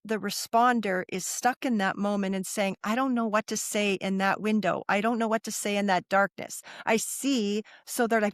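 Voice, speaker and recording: Woman, middle-aged, podcast guest, earnest storytelling, repeats for emphasis, mid pitch, dry close sound. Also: fairly even intonation, normal speed, few pauses, dry recording. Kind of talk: personal storytelling in a podcast interview.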